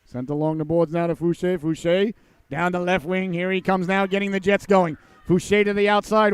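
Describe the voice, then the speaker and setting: A man calling a youth hockey game play by play, folksy and joking, who breaks into shouts on big plays. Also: high-pitched, fairly even intonation, normal speed, clear, resonant tone, no room sound. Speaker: play-by-play commentator.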